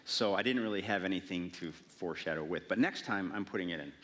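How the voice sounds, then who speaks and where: A man's voice: sits low, fast talker, a bit bright, a little hiss or hum. A man, an author, answering audience questions in a casual, wry and self-mocking way at a public library event. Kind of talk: casual Q&A talk.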